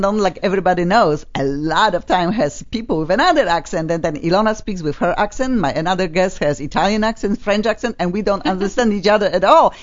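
A low-pitched woman speaks English with a foreign accent as she hosts a radio talk show. She is chatty and effusive and rambles warmly between topics. The studio audio sounds dull and lo-fi. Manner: chatty and effusive, laughs often.

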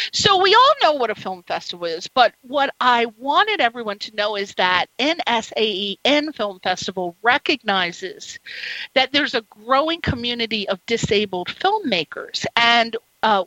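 A woman hosting a casual chat show, animated and bubbly, laughing often as she talks with her guest. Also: fairly high pitch, no room sound, low-quality recording. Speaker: show host. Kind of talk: casual chatty interview.

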